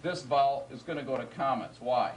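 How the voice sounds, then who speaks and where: Brisk and medium-pitched, a man delivers a Hebrew grammar lecture in class, with a faint hiss or hum on the recording. He speaks conversationally and checks in often with "right?" and "okay?".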